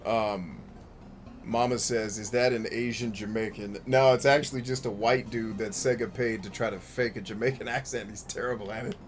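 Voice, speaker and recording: A man streaming a video game, riffing in a joking, profane, animated way. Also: mid-range voice, normal speed, soft background music. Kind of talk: casual let's-play commentary.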